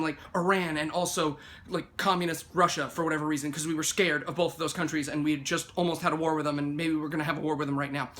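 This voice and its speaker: A young man delivering a comedic rant to the camera, animated and quick, breaking into loud mock shouting. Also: fairly high pitch, a little hiss or hum.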